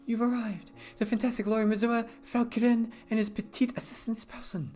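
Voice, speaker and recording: A man voicing a sweet, eager young girl in a game, in a high, bubbly voice. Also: steady tone, moderate pace, faint music behind. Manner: high, bright, bubbly girlish voice.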